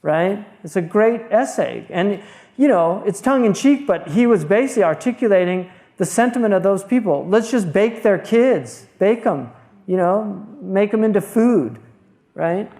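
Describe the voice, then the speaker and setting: Blunt, rambling American lecturer. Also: male voice, high voice, expressive, normal speed, mellow. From United States. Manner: conversational, blunt, digressive with frequent restarts. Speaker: Islamic scholar lecturing. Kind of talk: informal lecture.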